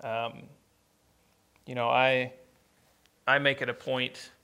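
A man preaching a conversational sermon, plainspoken and unhurried, with many pauses and restarts. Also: medium pitch, flat delivery, pushed and bright, smooth.

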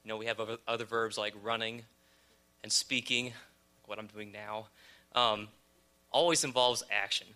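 A man's voice: on the low side, steady tone, moderate pace, long pauses, pushed and bright, smooth. A man giving a prepared, friendly talk about camp to a church audience, with filler "um"s. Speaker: speaker sharing a camp testimony.

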